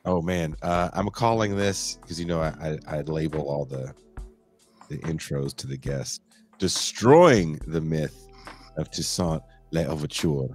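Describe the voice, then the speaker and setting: A man's voice: a bass voice, steady tone, a little slow, a little mellow, soft background music. A man hosting a podcast over a video call, joking and teasing in casual chat, sounding a bit congested. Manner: playful, teasing, laughs often. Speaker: podcast host.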